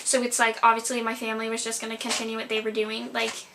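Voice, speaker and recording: A woman's voice: on the high side, monotone, quick pace, noisy background. A young adult woman vlogger telling a storytime tale in a rambling way, with "like" in nearly every phrase. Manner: rambling, filler-heavy retelling, lots of "like". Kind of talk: storytime vlog.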